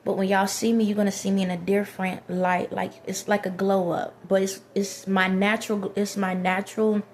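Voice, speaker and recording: A woman's voice: medium pitch, flat delivery, moderate pace, a little mellow, a little hiss or hum. A woman vlogger talking to camera in a rambling casual monologue, repeating phrases and restarting sentences.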